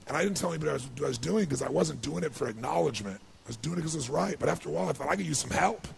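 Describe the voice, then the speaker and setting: A man giving a motivational speech, telling a personal story with emotion that builds into excited passion. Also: fairly high pitch, racing, vocal fry. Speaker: motivational speaker.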